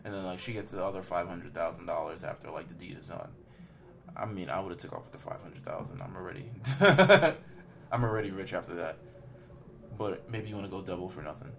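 A man's voice: deep voice, fairly quick, gravelly, background noise. A young man on a podcast rambling through a film recap with lots of fillers and profanity. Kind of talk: casual chat, recapping a film.

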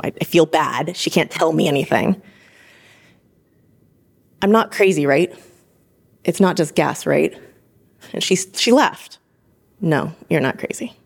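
Woman in her 30s retelling a wild er story, lots of energy, kinda low voice. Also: creaky. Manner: lively, animated retelling with laughs and acted-out quotes. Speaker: emergency room provider. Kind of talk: personal story told in interview.

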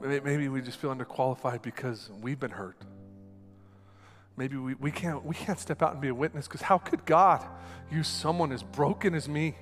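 A man preaching a sermon in a church, talking in an animated, conversational way while he acts out a scene with a volunteer on stage. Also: mid-range voice, normal speed. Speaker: pastor. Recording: long hall reverb with faint music.

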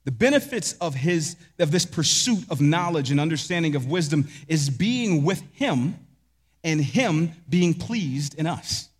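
Brief: male pastor, high voice, emphatic sermon delivery, rhetorical questions, long hall reverb. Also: animated, a little slow, slightly rough.

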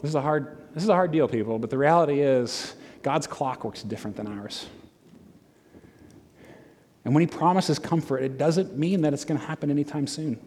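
A middle-aged man preaches in a loose, conversational way, full of fillers and quick restarts. His voice sits high for a man. The sound rings with the long reverb of a large church hall. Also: animated, a little mellow. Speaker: pastor. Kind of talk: sermon.

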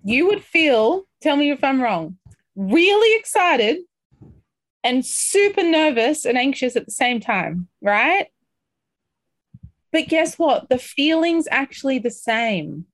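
A woman coaching a group on a call, upbeat and encouraging, talking through feelings and sometimes acting out excitement. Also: sits high, slow, no room sound. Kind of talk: motivational coaching talk.

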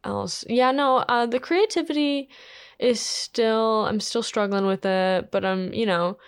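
A young woman co-hosting a podcast, talking frankly and in a laid-back, drawn-out way at her desk microphone. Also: a little high, smooth, no echo, clean studio sound. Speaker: podcast co-host. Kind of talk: casual chat.

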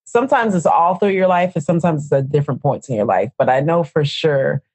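A woman co-hosting a casual conversation, telling family stories in an expressive, animated way. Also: low-pitched, fairly quick, no room sound. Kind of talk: casual chat.

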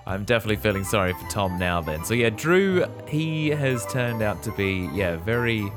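Deep voiced dude, dry wry comments, bit of music faint behind. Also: male voice, big pitch swings. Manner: wry, quick reactions and questions, playful. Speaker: podcast co-host. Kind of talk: casual chat.

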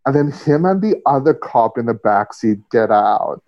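A man's voice: mid-range voice, animated, moderate pace. A man in casual conversation, telling stories candidly with lots of fillers and swearing. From Australia. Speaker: podcast guest. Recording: muffled lo-fi audio.

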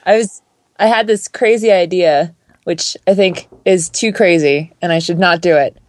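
A woman co-hosting a podcast in casual chat, animated and laughing often as she tells stories. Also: fairly low pitch, moderate pace, no echo. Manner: animated, laughs often, acts out quoted voices. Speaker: podcast co-host.

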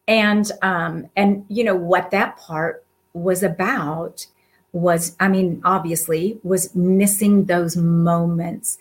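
A woman guest speaking to an audience in a heartfelt, casual way, earnest and encouraging. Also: mid-range voice. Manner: earnest, warm-hearted and encouraging, with soft laughs.

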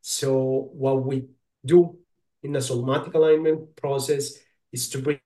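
A man, a guest teacher, explaining his work in an interview in a thoughtful, halting way, searching for his words. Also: mid-range voice, steady tone, warm tone. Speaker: guest, somatic alignment teacher. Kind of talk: reflective interview talk. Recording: roomy echo.

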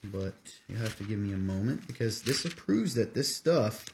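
A man's voice: on the low side, lively intonation, normal speed, creaky, a little mellow, a little hiss or hum. A man hosting a casual faith podcast, plainly and steadily answering questions about the Bible. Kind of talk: casual teaching talk.

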